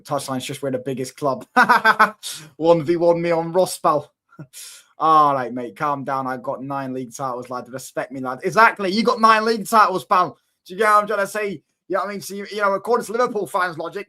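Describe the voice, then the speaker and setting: Young Mancunian man, football stream host, cheeky banter, high-ish bright tone. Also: fast talker. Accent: Manchester. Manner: cocky, teasing, laughing, slangy address to viewers. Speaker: football channel host reading live chat. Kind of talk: casual livestream banter.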